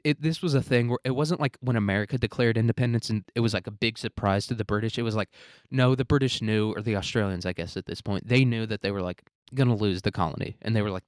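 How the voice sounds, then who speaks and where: A man's voice: mid-range voice, fast talker, darkish tone, clear, resonant tone, dry recording, studio quality. A man hosting a casual history podcast, talking in an irreverent, profane way and acting out the people he quotes. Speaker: podcast host.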